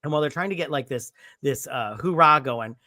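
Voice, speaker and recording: Tipsy man rambling with bright sound. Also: on the high side, fairly quick, no room sound, clean studio sound. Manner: rambling, profane, acts out movie lines in loud put-on voices. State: has been drinking. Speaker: podcast host. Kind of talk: casual tipsy movie review chat.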